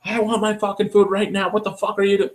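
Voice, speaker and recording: A man voicing a drunk, furious late-night drive-thru customer who yells and swears in a high, strained voice. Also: completely flat delivery, fast talker, natural voice.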